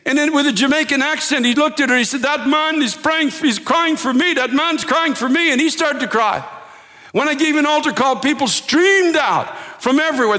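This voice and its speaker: A man preaching a sermon with impassioned delivery that builds to shouting. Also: very high voice, in a large hall.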